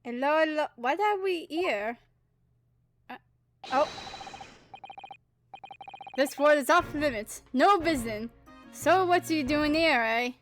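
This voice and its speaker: A woman voicing a chatty male police constable from a game, in a put-on accent of no clear origin. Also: sits high, lively intonation, slow, long pauses. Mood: officious. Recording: game music under the voice. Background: game music.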